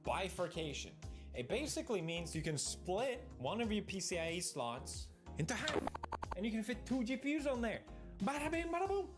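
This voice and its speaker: Exasperated, animated man ranting. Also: sits high, moderate pace, over music. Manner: animated and exasperated, breaks into shouting rants. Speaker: tech vlogger building a PC rig. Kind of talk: energetic comedic vlog rant.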